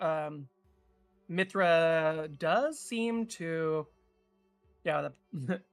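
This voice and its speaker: A man's voice: a little high, fairly bright tone, no room sound. A man narrating a tabletop game as game master, hesitant and full of filler sounds.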